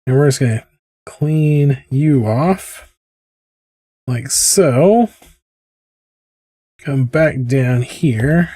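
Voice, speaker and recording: This artist streaming his drawing session has a mid-range, dark voice and talks extremely slowly, with long pauses. He wanders off on tangents and mocks himself in easygoing chatter, captured with no echo.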